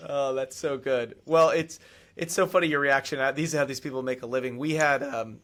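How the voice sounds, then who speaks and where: A man's voice: mid-range voice, fairly even intonation, brisk, a bit bright. A man hosting a podcast, chatting casually and laughing along with a guest's story. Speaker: podcast host. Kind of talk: casual chat. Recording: noisy background.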